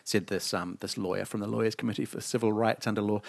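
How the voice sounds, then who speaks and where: A man's voice: lowish voice, fairly even intonation, quick pace, gravelly, few pauses. A man hosting a casual comedic talk show, reading stories aloud with mock outrage and frequent laughter. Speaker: show host.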